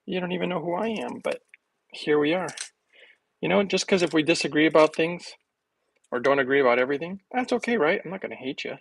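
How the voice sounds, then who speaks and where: A man vlogging while making a smoothie, talking in a playful, rambling way to his viewers and laughing often. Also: on the high side, fast talker, fairly bright tone, low-quality recording. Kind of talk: casual rambling monologue to camera.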